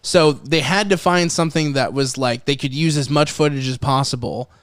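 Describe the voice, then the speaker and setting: A man hosting a film podcast in casual chat, animated, swearing freely and acting out scenes from the movie. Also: medium pitch, moderate pace, no echo, clean studio sound.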